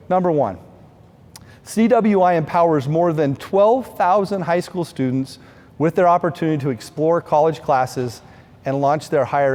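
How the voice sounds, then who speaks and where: A man's voice: fairly high pitch, darkish tone. Earnest storytelling man in a reverberant hall. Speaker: speaker at fundraising event. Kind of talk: storytelling speech.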